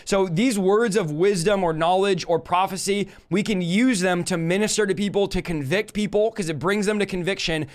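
A young man hosting a ministry talk show, telling stories with fervent energy and quick asides. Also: high-pitched. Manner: fervent storytelling, quick asides, repeated "right?". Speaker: host.

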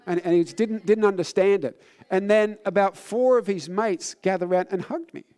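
A tired man preaching a sermon, telling a personal story with rising fervor and then turning low and solemn. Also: moderate pace, few pauses, mellow. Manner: earnest, builds in intensity then drops low and solemn.

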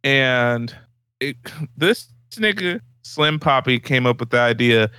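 A man's voice: mid-range voice, expressive, slow pace, pushed and bright, clear, resonant tone, no room sound. A young man in casual podcast talk, blunt and teasing, with plenty of profanity. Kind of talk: casual chat.

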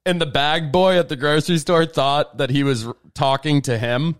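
A man's slightly high, smooth voice keeps a moderate pace while he co-hosts a casual home podcast on a desk mic. He's a rambling storyteller who turns animated when imitating quoted people.

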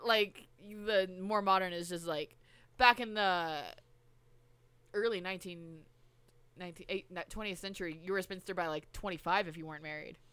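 A young woman co-hosting a podcast, reacting fast and swearing in casual chat about a show. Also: on the low side, smooth, no room sound. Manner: animated, swearing, quick reactions. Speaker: podcast co-host.

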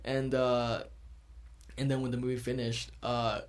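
A man hosting a casual chat, telling a story in an animated way and laughing often. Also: medium pitch, a little slow. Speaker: host.

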